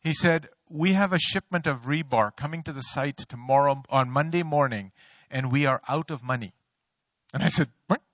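A middle-aged man preaching a sermon, an animated storyteller who mocks himself and laughs often. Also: medium pitch, moderate pace, dry recording. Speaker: pastor. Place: church sanctuary.

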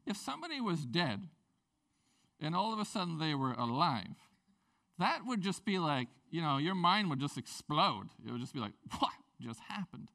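A man's voice: moderate pace, creaky. A middle-aged male pastor from Canada preaching a sermon, telling stories with energy and acting out the people he quotes. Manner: animated storytelling, acts out quoted voices with big pitch jumps.

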